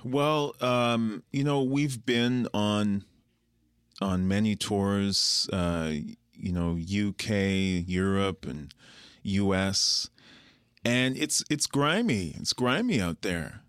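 A Canadian man who is a musician guest, chatting casually and telling animated stories in which he acts out the people he quotes. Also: on the low side, slow pace, clean tone, no room sound, studio quality. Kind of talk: casual interview chat.

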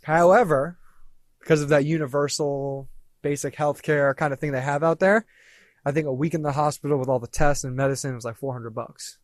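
A man in his thirties, a podcast guest, telling a story in a casual, animated way and acting out what people said. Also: a little high, fairly quick, dry recording. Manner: animated, swearing, acts out quoted lines.

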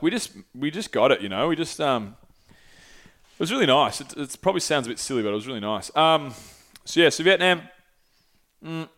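A young man hosting a podcast, telling a travel story in a rambling, sweary, animated way. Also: mid-range voice. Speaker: podcast host. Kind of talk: casual solo storytelling.

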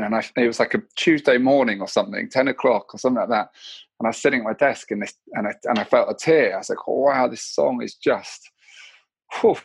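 A man's voice: medium pitch, slightly rough, no echo. A man in his thirties, a mindset coach, telling personal stories candidly and reflectively in a casual podcast conversation, often restarting his sentences. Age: 30s.

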